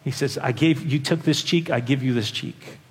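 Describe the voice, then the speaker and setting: A man preaching a sermon as a pastor, impassioned, swinging from quiet, low passages to loud, high peaks. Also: normal speed, slightly rough. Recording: long hall reverb.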